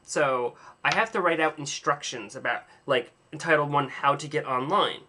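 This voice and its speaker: A man's voice: on the high side, moderate pace, pushed and bright. A young man rambling in a casual video diary, telling an exaggerated, dramatic story with playful self-mockery. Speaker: vlogger.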